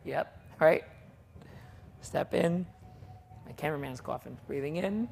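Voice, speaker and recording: A woman's voice: low-pitched, measured pace, gravelly, a little mellow, a little hiss or hum. A woman leading a qigong class with chatty, folksy instructions and asides, in a fitness studio. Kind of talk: guided exercise class. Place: martial arts and fitness studio.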